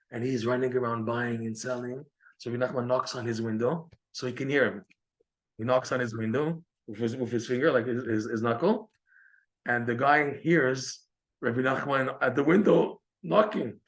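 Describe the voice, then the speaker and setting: A man teaching a Torah class, telling a story in a lively way and acting out the quoted dialogue. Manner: animated, acts out quoted dialogue with raised pitch. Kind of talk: storytelling lecture.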